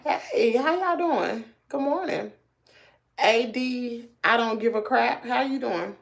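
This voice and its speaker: A woman's voice: on the high side, slow, vocal fry. Chatty Southern woman telling a story. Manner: animated storyteller who drops to a hushed near-whisper; chats while doing her makeup. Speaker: livestream host. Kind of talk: casual storytelling chat.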